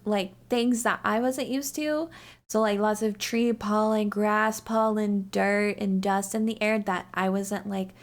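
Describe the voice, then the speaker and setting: A woman's voice: mid-range voice, creaky. A young woman livestreaming, chatting casually to her viewers in a rambling, giggly way full of "like", her voice slightly strained from talking a lot. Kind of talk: casual chat to a live audience.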